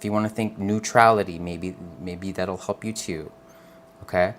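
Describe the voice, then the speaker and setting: A man giving a live tarot reading to viewers. He speaks in a gentle, earnest, reassuring way, calls the listener honey, and keeps checking in with "okay?". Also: deep voice, fairly even intonation, moderate pace, slight background noise. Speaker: tarot reader.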